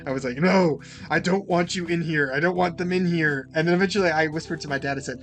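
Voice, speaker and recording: Over soft background music, a young man with a slightly high voice hosts a casual podcast and tells a story at a fast clip. He's animated, swears freely, and acts out the lines of the people in the tale.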